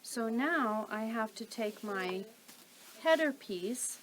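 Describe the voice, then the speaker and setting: A woman calmly talking through a sewing tutorial step by step while she works. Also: on the high side, slow pace, low-quality recording. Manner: calm, methodical, talks while working. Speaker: quilting instructor.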